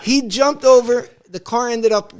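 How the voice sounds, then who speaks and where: High-voiced man telling animated stories. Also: measured pace, a little hiss or hum. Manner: animated, acts out quoted dialogue; rambling with many restarts. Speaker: podcast guest. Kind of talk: casual storytelling.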